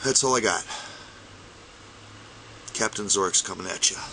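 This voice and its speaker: A man's voice: fairly low pitch, a little slow, background noise. A man giving an impassioned fundraising appeal to camera, urging listeners not to quit, choked up with emotion. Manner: fervent, repetitive exhortations, rising to near-shouting. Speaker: armored combat fighter making a fundraising appeal.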